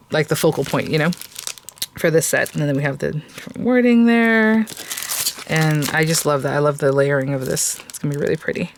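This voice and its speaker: A woman's voice: deep voice, noisy background. A woman hosting a craft video, chatting casually and enthusiastically while she unboxes kits, with many fillers and restarts. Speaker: craft channel host. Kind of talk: casual product unboxing chat.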